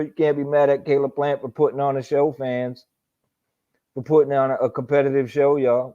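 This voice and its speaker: A man's voice: medium pitch, little pitch movement, normal speed, warm tone. A man hosting a live boxing talk stream, talking casually and profanely with lots of slang and repetition. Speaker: boxing talk show host. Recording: dull lo-fi stream audio.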